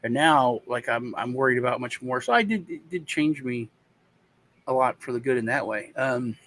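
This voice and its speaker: A man from the United States, co-hosting a casual talk show, telling a childhood story in a halting, rambling way with many restarts. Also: medium pitch, animated, a bit bright, slight background noise, poor audio. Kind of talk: casual chat.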